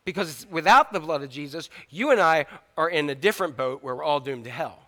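Bright-voiced man preaching a sermon. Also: a little high, animated. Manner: preaching, with dramatic slow emphasis and acted quotes. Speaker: pastor.

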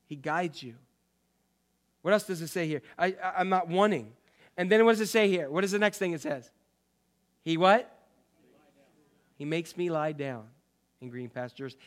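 A man preaching a sermon as pastor, swinging from loud, emphatic lines to quiet, low asides. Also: moderate pace, pauses often.

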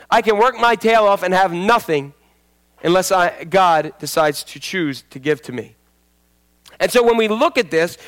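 A man's voice: high-pitched, fairly bright tone. A male pastor giving a folksy sermon, repeating phrases for emphasis and telling homely stories.

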